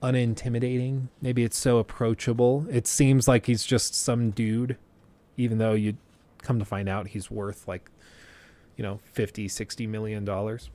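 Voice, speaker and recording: A man's voice: mid-range voice, little pitch movement, moderate pace, mellow. A man chatting casually on a live stream, rambling loosely and slipping into impressions of others.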